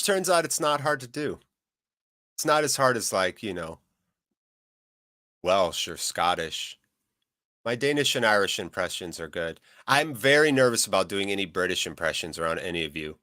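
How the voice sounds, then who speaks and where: A man's voice: lowish voice, a bit bright, no room sound, clean studio sound. A man hosting a live football watchalong, calling the match and chatting casually while reading out viewer comments. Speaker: host.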